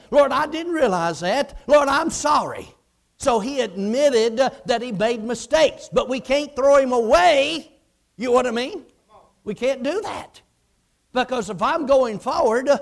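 A man preaching a sermon, swinging from low murmurs to impassioned shouts.

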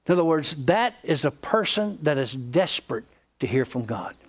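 A man preaching a sermon, his voice sitting a touch higher than most men's. He tells a story in the pulpit, retelling a friend's words, breaking off and restarting mid-phrase as he goes. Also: very animated, moderate pace, husky.

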